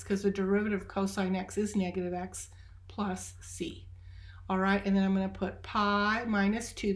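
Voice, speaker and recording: A woman at a middle pitch for her sex talks through calculus problems one step at a time. Her delivery is steady and methodical, with frequent small "uh" fillers as she works. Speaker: math teacher. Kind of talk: recorded math lecture.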